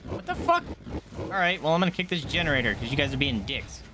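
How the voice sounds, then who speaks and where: Excitable male streamer, lively swooping delivery, swears often while playing. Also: a little high, fast talker, noisy background. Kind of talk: gameplay commentary.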